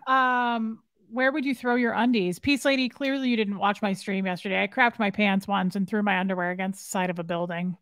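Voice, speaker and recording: Woman, deadpan co-host, casual chat, dry close-miked sound. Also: medium pitch, a little fast, hardly any pauses, clean tone, dry recording.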